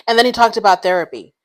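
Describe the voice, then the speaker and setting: A woman giving casual, opinionated commentary on a reality show, frank and blunt. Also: mid-range voice.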